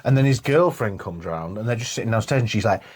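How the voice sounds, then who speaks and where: A man's voice: fast talker, slightly rough. A man co-hosting a podcast, telling stories in casual chat and acting out scenes. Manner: animated storyteller, acts out scenes in high voices. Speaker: podcast co-host.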